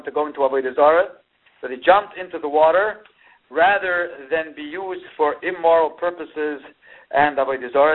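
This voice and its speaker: A man teaching a Torah class, slowly translating phrases he has just read and rising in pitch when the story turns emotional. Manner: mixes Hebrew and Yiddish terms into English, reads and translates phrases slowly; rises in pitch with emotion when recounting events. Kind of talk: Torah class explaining a lament text. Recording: tinny phone-line recording.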